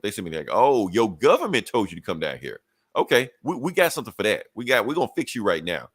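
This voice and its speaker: A man's voice: fairly low pitch, very animated, quick pace, a bit bright, slightly rough, no echo, studio quality. A man co-hosting a podcast, casually retelling a comic book story and acting out the characters' lines with cursing. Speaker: podcast co-host.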